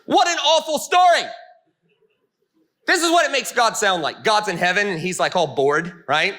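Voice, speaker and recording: A male pastor telling a Bible story in a lively, comic sermon before an audience. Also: sits high, normal speed. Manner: animated, comic, punchy. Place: meeting room before an audience.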